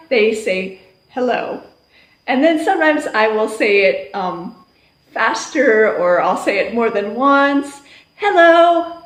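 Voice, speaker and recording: A woman teacher explaining classroom attention getters in a calm voice, breaking into loud sing-song calls to her class. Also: fairly high pitch. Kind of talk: instructional talk on classroom routines. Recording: echoey room.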